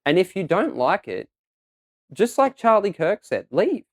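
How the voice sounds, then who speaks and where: A man's voice: high-pitched, big pitch swings, measured pace, no room sound, studio quality. A man co-hosting a casual livestream show, rambling through his points with many fillers and restarts. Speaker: co-host. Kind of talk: casual podcast chat.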